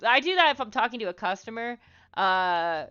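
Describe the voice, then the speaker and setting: A woman's voice: fairly high pitch, expressive, moderate pace, pushed and bright, clean tone. A woman hosting a livestream, talking loosely and frankly with lots of "like" and "um", and swearing casually. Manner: loose, rambling, full of "like" and "um". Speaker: livestream host giving social advice. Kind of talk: casual advice talk on a livestream. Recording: slightly muffled stream audio with faint music.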